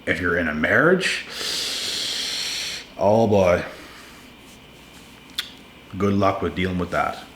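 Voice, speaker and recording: A man's voice: low voice, slow pace, pauses often, a bit bright, roomy sound, a little hiss or hum. A man giving blunt, emphatic relationship advice in a casual monologue to his viewers. He repeats words for stress and calls listeners "bro".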